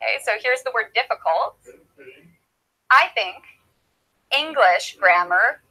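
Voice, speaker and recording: A woman explaining English grammar as a teacher, patient and clear, repeating simple examples with props. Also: on the high side, lively intonation, takes it slowly, sharp tone, low-quality recording. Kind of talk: slow, clear classroom explanation.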